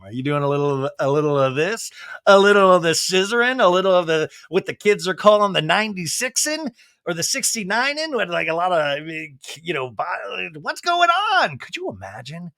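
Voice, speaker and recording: A man's voice: high voice, sing-song, moderate pace, sharp tone, no echo, studio quality. A male podcast host giving a comedic reality TV recap, mocking and profane.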